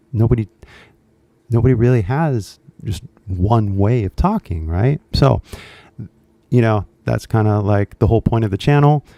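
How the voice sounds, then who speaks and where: A man's voice: mid-range voice, vocal fry, dark tone, no echo. A man with a Californian accent chatting casually on a live stream, rambling and scattering "like" and "you know" all through his talk. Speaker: English-teaching YouTuber on a live stream.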